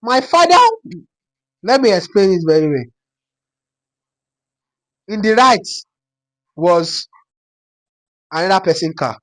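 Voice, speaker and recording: Young adult, Nigerian accent, Yoruba-inflected, casual storytime vlog, dramatic, repeats lines for effect, medium pitch. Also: lively intonation, slow, pauses often, fairly bright tone. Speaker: storytime vlogger.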